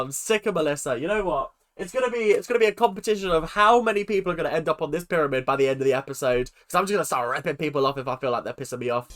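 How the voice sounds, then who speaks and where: A woman's voice: sits low, rapid-fire, hardly any pauses. A woman hosting a reaction video, ranting and laughing in casual commentary. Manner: animated and ranting, laughing often.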